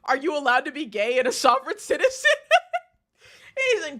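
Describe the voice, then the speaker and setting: A young woman talks casually on a live stream, mocking what she watches and laughing often. Her voice sits high and sounds bright and forward. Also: very animated, measured pace. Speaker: streamer reacting to videos.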